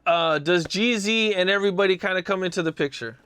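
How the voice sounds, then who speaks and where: A male interviewer asking a slow, hesitant question. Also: high-pitched, noisy background.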